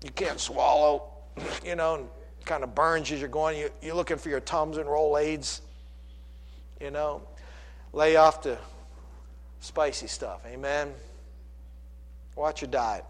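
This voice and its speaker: Animated high-voiced male preacher. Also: slow, long pauses. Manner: animated preaching with sudden loud bursts and repetitions. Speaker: pastor. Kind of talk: sermon. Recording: long hall reverb.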